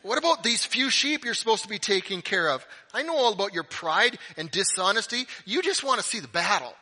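A pastor voicing an angry young older brother, raised and contemptuous. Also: male voice, sits high, lively intonation, fairly quick, big-room sound, voice pushed up, full character voice. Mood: scornful. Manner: shouting, contemptuous.

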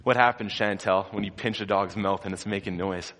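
A man delivers a sermon in a fairly low voice, recorded with the long, lingering reverb of a church hall. He tells the story dramatically, rising to forceful peaks and sinking to quiet, hushed passages. He keeps turning to the congregation with questions. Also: fairly even intonation, normal speed. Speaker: preacher.

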